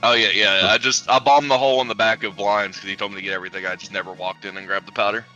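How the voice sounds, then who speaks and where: A man player quickly owning up to a mistake in casual post-game chat. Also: lowish voice, fairly even intonation, pushed and bright, lo-fi sound, soft background music. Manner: quick, self-blaming.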